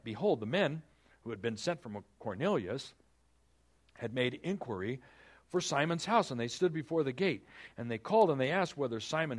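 A man's voice: mid-range voice, slightly rough. A man preaching a sermon, retelling scripture in a conversational way and acting out the characters' lines. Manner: animated, conversational preaching that acts out biblical dialogue. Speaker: pastor.

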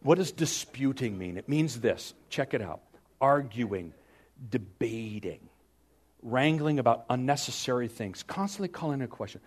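A man preaching a sermon, telling stories and acting out grumbling people in raised voices. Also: moderate pace. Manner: lively storytelling preacher, acts out complainers in higher voices. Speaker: pastor.

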